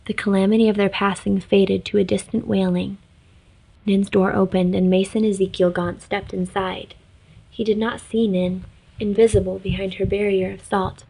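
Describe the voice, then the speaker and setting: A woman reading a fantasy story aloud in an even, measured way. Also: medium pitch, gravelly, slightly rough, poor audio. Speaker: story reader. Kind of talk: scripted narration of a fantasy story.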